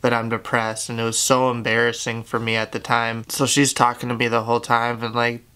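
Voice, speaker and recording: A young man telling his own story to the camera, candid and halting, with lots of fillers and swearing. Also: medium pitch, monotone, bright, forceful tone, clean tone. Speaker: YouTuber. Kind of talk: confessional storytelling.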